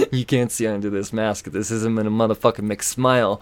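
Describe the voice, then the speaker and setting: A man's voice: on the low side, steady tone, moderate pace, clean tone, dry recording. A man hosting a podcast, telling a story in a casual, profane, exasperated rant. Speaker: podcast host.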